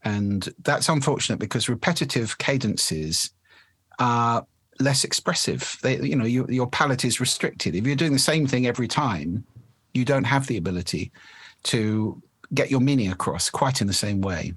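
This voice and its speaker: A man who is an expert on the voice, explaining speaking habits in a measured, articulate way during an interview. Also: mid-range voice, expressive, a bit bright, breathy edge, dry recording.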